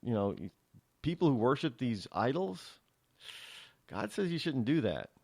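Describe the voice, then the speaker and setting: A man's voice: mid-range voice, very animated, measured pace, creaky, darkish tone. A man hosting a talk show, delivering a rambling, sarcastic opinion monologue with many restarts. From New England.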